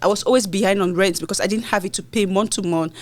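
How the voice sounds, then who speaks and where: A woman from Cameroon speaks as a podcast guest, telling her own story in an earnest, expressive way. Her voice sits at an ordinary middle pitch for a woman, and she talks in a conversational manner. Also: fast talker. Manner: earnest, expressive retelling of hardships.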